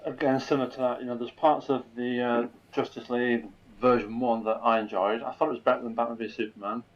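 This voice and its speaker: A man rambles enthusiastically through his film opinions, dropping "you know" again and again. The sound is slightly dull and lo-fi, and his pitch is ordinary. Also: flat delivery, fast. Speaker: podcast guest. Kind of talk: casual film chat.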